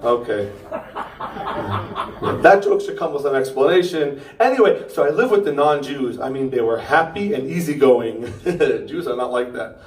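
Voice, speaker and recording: A young man performing a stand-up comedy set, ranting with punchy asides and tagging jokes with a quick "okay?". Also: medium pitch, expressive, slight background noise. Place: pop-up theater stage. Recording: roomy theater sound from far off.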